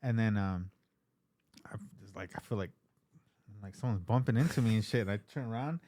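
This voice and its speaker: A man's voice: on the low side, fairly quick, warm tone, no room sound. A man hosting an interview, telling casual stories with plenty of swearing and acted-out quotes. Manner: laid-back storytelling with lots of swearing and acted-out quotes. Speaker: podcast host.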